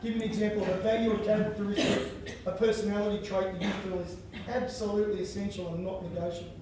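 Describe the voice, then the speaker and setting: A man giving a lively conference keynote on coaching, chanting lines and acting out inner voices. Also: high voice, fast, noisy background. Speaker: keynote speaker. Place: large conference hall. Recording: echoey hall from far off.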